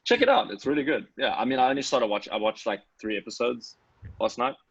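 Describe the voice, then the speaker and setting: A young man with a husky voice, chatting casually in a laid-back way and chuckling. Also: mid-range voice, a little fast. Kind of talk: casual chat. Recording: dull, dry lo-fi audio.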